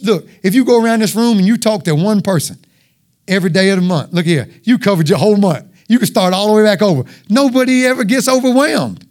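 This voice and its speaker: A man preaching an informal, joking sermon with call-and-response. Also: high-pitched.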